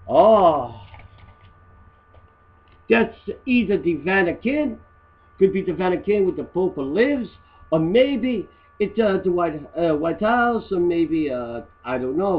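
Guy doing a rude rambling dude, broken english, husky voice, muffled lo-fi home audio. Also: sits high, expressive, slow pace, pauses often, exaggerated voice. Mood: mocking. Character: crude, rambling immigrant guy mocking photos. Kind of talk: comedy satire monologue.

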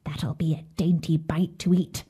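A woman voicing a cruel, greedy old witch in a storybook, shrill and jeering, snapping out orders. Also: sing-song, slow, heavily acted. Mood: whispered, scheming. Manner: shrill, jeering, bossy shouting.

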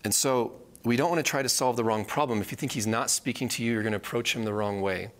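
A man's voice: medium pitch, fairly even intonation, fast. A man teaching a live Bible study, earnest and repeating key phrases for emphasis.

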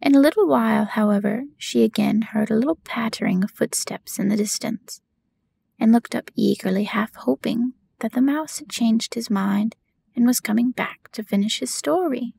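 A woman narrating a bedtime audiobook in a soft, unhurried whisper. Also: a little high, creaky, breathy edge.

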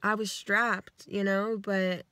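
A woman's voice: medium pitch, little pitch movement, takes it slowly, sharp tone, clean tone, no room sound. A woman vlogger casually retelling a dream from inside her car, rambling, swearing freely and acting out the quotes. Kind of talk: casual storytelling.

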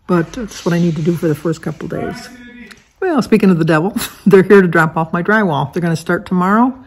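A woman's voice: lowish voice, darkish tone, low-quality recording. A woman vlogging from her car while driving, chatting in a rambling way, laughing often and stumbling over long words. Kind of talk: casual chatty vlog.

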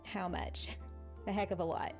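A woman's voice: medium pitch, steady tone, moderate pace, soft background music. A middle-aged woman from Texas with a Texan accent, chatting casually and laughing often while streaming a building game to her viewers. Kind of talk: casual gameplay chat with live chat.

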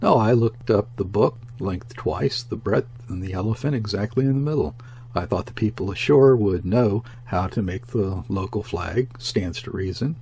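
Stolid old-school sea captain, flat and literal, lowish voice, man reading him. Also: moderate pace, lightly acted. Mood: matter-of-fact. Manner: plain, matter-of-fact, soothing.

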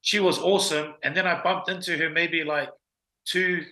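Kiwi guy chatting easy as a podcast guest, lots of um and bro, bright voice, echoey room. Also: fairly high pitch, fairly even intonation, normal speed. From New Zealand. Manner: laid-back storytelling with slang and fillers. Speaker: guest, film writer and producer. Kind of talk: casual interview chat. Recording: roomy echo.

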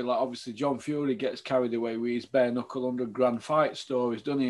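Laid-back podcast host. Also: male voice, mid-range voice. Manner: laid-back, matey, prompting. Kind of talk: casual podcast interview.

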